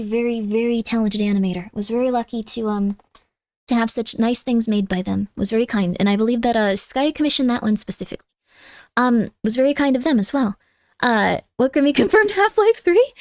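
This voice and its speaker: High-voiced chatty woman streamer. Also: dry recording, studio quality. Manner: chatty, coos baby talk at her cat; playful over-the-top mock threats. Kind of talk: casual live-stream chat.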